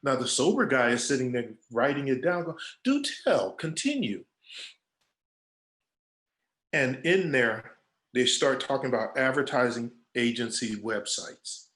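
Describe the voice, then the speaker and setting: A man answering students' questions in a lively, storytelling way. He often acts out other people's words as he talks. His voice sits at a middle pitch and echoes around the room he is in. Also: moderate pace. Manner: animated storyteller acting out quoted voices. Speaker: guest speaker, agency creative director. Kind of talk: casual storytelling Q&A.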